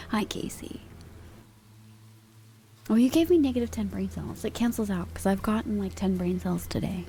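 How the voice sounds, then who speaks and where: A woman streaming live ASMR, chatting casually and playfully, drifting between soft whispers and quiet talk from a home sound booth. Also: mid-range voice, measured pace, vocal fry, pauses often, background noise.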